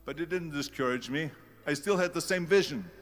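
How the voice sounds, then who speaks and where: A man's voice: on the high side, fairly quick, faint music behind. A man with a German accent giving a motivational speech, emphatic and repeating key phrases for effect. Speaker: public speaker.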